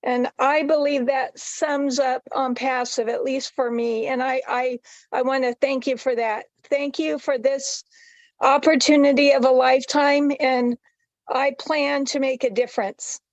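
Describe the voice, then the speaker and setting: A woman's voice: high voice, steady tone, no echo, highs cut off. A woman speaking as a panelist in an online webinar, effusive and emotional over a video call. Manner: emotional, effusive, slow-paced.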